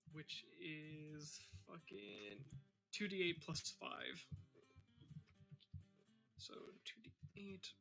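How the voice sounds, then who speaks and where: High, bright-voiced man rolling damage. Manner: swears casually while rolling damage. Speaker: player. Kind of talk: casual play chat.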